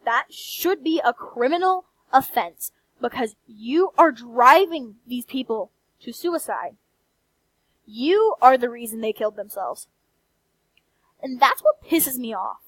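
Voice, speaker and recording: A soft-spoken young woman with a country accent, her voice sitting a little high. She talks candidly and bluntly, swearing freely as she rants late at night. The sound is close and dry, with no room around it. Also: animated, slow, dry recording, poor audio. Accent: American country. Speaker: vlogger.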